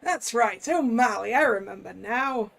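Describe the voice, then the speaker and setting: A streamer voicing a polite young male detective with a put-on northern English accent, a bit gravelly. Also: extremely high pitch, lively intonation, unhurried, fairly bright tone, full character voice. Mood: earnest. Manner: earnest, polite. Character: young male detective newly arrived from Manchester.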